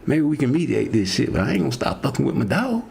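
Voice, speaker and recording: A middle-aged man ranting in a swaggering, profane way, swinging between low mutters and high yelps. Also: sing-song, quick pace, vocal fry, a little mellow. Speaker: boxing opinion vlogger. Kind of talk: casual profane rant.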